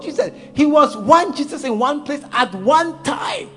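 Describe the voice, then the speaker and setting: Animated male preacher. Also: very high voice, measured pace, faint music behind. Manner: playful, animated storytelling with laughter. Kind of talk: sermon.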